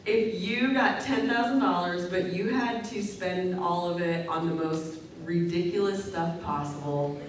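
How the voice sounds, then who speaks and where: A woman's voice: on the low side, measured pace. A woman in the audience asking a panel a question, in a friendly, giggly way. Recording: echoey hall, distant mic, noise.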